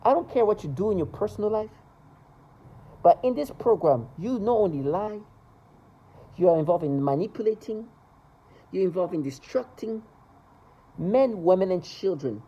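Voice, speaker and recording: A man's voice: high voice, animated, normal speed, pauses often, mellow, husky, muffled recording. A man talking to camera in a rambling, agitated monologue, repeating himself and stumbling over restarts.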